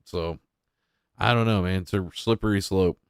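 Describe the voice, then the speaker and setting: A man's voice: deep voice, steady tone, moderate pace, clear, resonant tone, dry recording, clean studio sound. A man giving casual, crude commentary on clips as a streamer, blunt and mocking.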